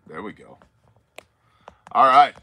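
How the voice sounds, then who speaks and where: A man's voice: medium pitch, lively intonation, slow, pushed and bright, slight background noise. A man hosting a podcast in casual chat, joking with his guest and laughing often. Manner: joking, laughs often, reads listener messages aloud. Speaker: podcast host.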